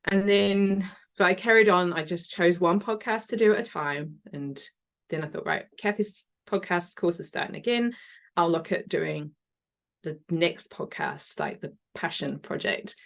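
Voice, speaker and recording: A woman with a slightly low voice chats eagerly as a podcast guest. She talks in long, enthusiastic runs and laughs easily along the way. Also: a little slow, creaky. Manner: chatty, enthusiastic, laughs often. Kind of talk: casual interview chat.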